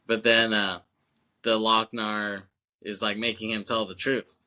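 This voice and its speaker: A man co-hosting a laid-back movie podcast, rambling through his thoughts and peppering them with "you know what I'm saying" and the odd curse. His voice sits a little low but carries a bright, forceful edge. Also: flat delivery, measured pace. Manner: swears casually. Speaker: podcast co-host. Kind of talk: casual film podcast chat.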